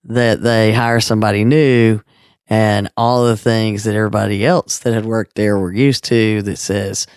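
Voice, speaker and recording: A man co-hosting a podcast, talking in a relaxed, drawling way with frequent asides. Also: on the low side, moderate pace, clear, resonant tone, dry recording, clean studio sound. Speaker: podcast co-host. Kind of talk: casual chat.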